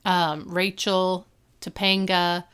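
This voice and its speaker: A woman co-hosting a podcast, recapping a TV episode in casual chat, telling it with animated storytelling and groans of disgust. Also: on the low side, slow pace, clear, resonant tone. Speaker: podcast co-host.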